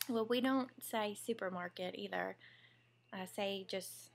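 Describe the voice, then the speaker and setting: A woman's voice: mid-range voice, measured pace, gravelly. A young woman with a Southern US accent, a mom and former teacher, chatting in a casual home vlog and reading off a word list. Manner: chatty and giggly, drawling asides.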